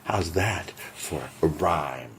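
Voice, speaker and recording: A man's voice: a bass voice, expressive, very slow, creaky, fairly bright tone, a little hiss or hum. A man co-hosting a podcast in casual chat, emphatic and teasing. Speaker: podcast co-host.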